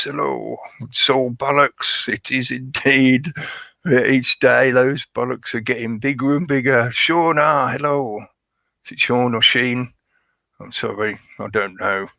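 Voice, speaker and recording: A man's voice: medium pitch, unhurried, vocal fry, pushed and bright, no room sound. A man hosting a livestream, rambling through a conspiratorial monologue and greeting his chat. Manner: rambling, conspiratorial, chuckles at his own jokes. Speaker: livestream host.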